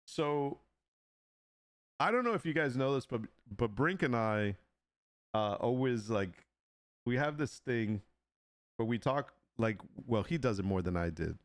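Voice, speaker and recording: A man of middle pitch with a very lively, swooping voice, recorded close and dry with no room sound. He chats casually to his stream audience, laughing a lot and teasing with mock sales pitches. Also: a little slow, long pauses, no echo. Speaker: livestream host and digital artist. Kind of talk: casual live stream chat.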